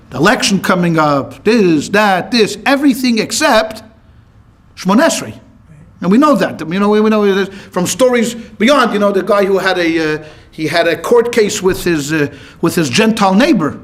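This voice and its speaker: A man teaching a class as a rabbi, asking the room questions, answering them himself and telling short stories with quoted lines. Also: sits high. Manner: lively, asks questions and answers them himself, tells anecdotes with voiced quotes. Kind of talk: classroom lecture with questions to the audience.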